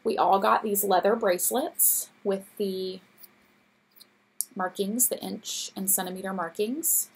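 A woman in her thirties chats in a relaxed, gushing way, laughing easily. Her voice is gravelly and husky, a little scratchy today. She sits at a middle pitch. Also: a little slow. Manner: chatty, gushing, laughs often. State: teary. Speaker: podcast host. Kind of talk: casual chat.

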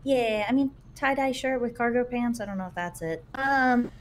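A woman's voice: on the high side, normal speed, a little hiss or hum. A woman playing a police officer in a game role-play, asking questions patiently with many fillers.

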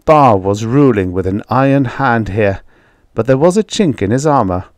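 A man narrating a science fiction short story as an audiobook, in a measured, even storytelling manner. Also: medium pitch, no room sound.

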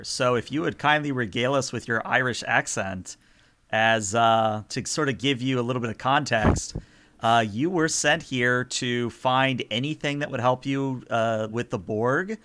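A man's voice: mid-range voice, unhurried, fairly bright tone, no room sound. Man running a tabletop game. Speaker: game master. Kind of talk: narrating a tabletop game and voicing characters.

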